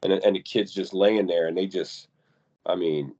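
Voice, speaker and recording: Low-voiced man in animated podcast talk. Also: moderate pace, dull audio. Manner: animated, acts out quoted voices, repeats words. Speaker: podcast co-host. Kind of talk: casual conversational podcast.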